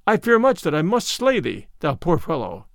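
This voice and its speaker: A man doing a soft-spoken gentle young stranger. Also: on the high side, wildly swooping pitch, moderate pace, no room sound, clean studio sound. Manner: soft, gentle, mildly mocking.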